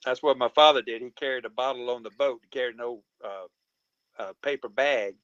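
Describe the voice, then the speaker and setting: Man, middle-aged, halting, polite, dull muffled audio, dry. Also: medium pitch, fairly bright tone, smooth, no room sound. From Mobile County, Alabama. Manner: halting, many fillers and restarts, polite. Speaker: guest. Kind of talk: casual conversation.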